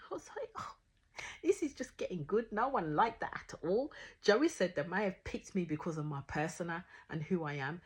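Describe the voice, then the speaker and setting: Woman reviewer, husky, low-pitched, outspoken chat. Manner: outspoken, swears freely, animated retelling. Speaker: reality show reviewer. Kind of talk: casual reaction commentary.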